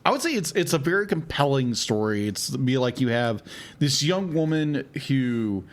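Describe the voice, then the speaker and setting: A man's voice: mid-range voice, very animated, moderate pace. Man, mid-range voice, podcast co-host, casual chat, rambling with heavy fillers.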